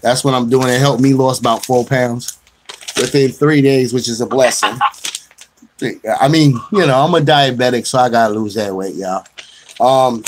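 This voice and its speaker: A man's voice: mid-range voice, steady tone, normal speed, a little hiss or hum. A middle-aged man hosting a casual radio show, loose and joking, talking straight to listeners. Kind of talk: casual internet radio chat.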